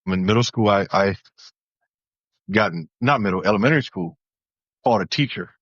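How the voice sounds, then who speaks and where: Halting low-voiced man, off-mic. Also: lively intonation, fairly bright tone, no echo. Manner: halting, with uh fillers. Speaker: podcast participant. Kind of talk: casual conversation. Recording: dull lo-fi, off-mic.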